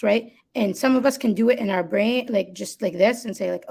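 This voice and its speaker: Husky gravelly-voiced woman guest. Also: a little high, a little fast, few pauses, darkish tone. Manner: reflective, often adds "right?". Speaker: guest, listening workshop co-founder. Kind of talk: live conversational explanation.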